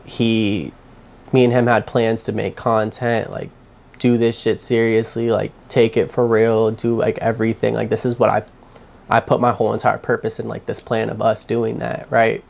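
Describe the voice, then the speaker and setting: A young man vlogging from his home, telling his own story in a candid, halting way with heavy sighs. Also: fairly low pitch, completely flat delivery, gravelly, darkish tone. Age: young adult. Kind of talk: personal confessional story.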